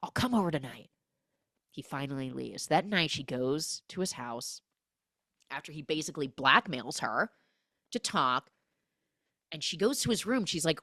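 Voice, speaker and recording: Young adult woman, podcast host, comedic film recap; lowish, very lively voice, dry close recording. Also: no echo. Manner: animated, acts out characters' lines in quick exaggerated voices.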